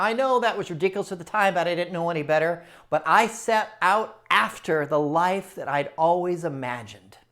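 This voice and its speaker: A man telling his own story to camera in a casual, animated way, repeating phrases for emphasis. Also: high-pitched. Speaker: culinary storyteller and writer.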